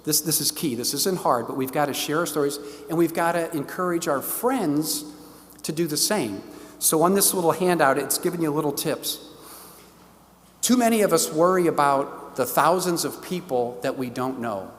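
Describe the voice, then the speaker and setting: Animated St. man in a reverberant church. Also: a little high, normal speed. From St. Louis, Missouri. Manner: animated, enthusiastic storyteller who acts out the dialogue. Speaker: diocesan stewardship director giving a parish talk. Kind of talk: storytelling church talk. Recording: long reverb of a church hall.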